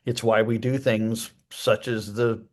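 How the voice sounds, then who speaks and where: A man's voice: fairly low pitch, flat delivery, takes it slowly. A man, an author appearing as a guest, answering in a thoughtful, rambling way with frequent fillers. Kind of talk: casual interview chat.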